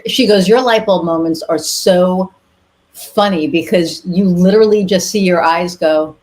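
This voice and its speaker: In a casual interview conversation, this podcast host shares a personal anecdote openly, full of fillers and offhand profanity. She has a somewhat low, slightly mellow voice and a slightly unhurried pace.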